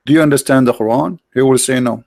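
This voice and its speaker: A man's voice: mid-range voice, fast, gravelly, darkish tone, dry recording. A man with an Arabic accent who hosts a debate, repeating his questions and pressing for an answer. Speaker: debate host. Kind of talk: argumentative debate.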